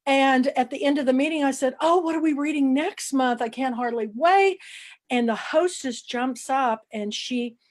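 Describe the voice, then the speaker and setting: A woman in her sixties, an interview guest, telling lively anecdotes and acting out what people said. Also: high voice, moderate pace. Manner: lively anecdotal storyteller, acts out quoted dialogue. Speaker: author and book club founder, interview guest. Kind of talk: casual storytelling interview.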